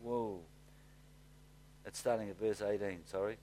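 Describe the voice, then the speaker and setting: A man preaching a sermon, swinging from hushed, slow reading to fired-up shouting, with blunt, folksy asides. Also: on the low side, fairly even intonation, slight background noise. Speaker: pastor.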